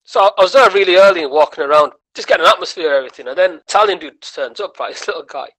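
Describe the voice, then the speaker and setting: A man's voice: high-pitched, very fast, low-quality recording. A man, a comedian guest on a podcast telling a story and acting out the voices of the people in it. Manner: animated, acts out quoted voices.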